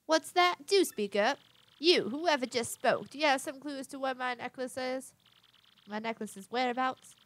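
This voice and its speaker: A woman's voice: sits high, moderate pace, fairly bright tone, voice pushed up. A woman voicing a vain, fussy, posh lady spirit who talks in a genteel, affected, old-fashioned way. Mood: doting, prim.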